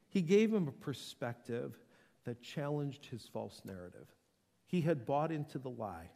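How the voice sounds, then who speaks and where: A man preaching a sermon, impassioned, moving between hushed tones and loud emphasis. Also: medium pitch, very animated, moderate pace, creaky. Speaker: pastor. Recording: echoing hall with long reverb.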